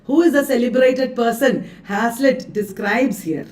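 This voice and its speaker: Indian-accented woman, live exam coaching, chatty, fairly high voice, a little off-mic. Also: unhurried, a little mellow, distant mic. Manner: chatty, laughs often, mixes Hindi words. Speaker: literature teacher.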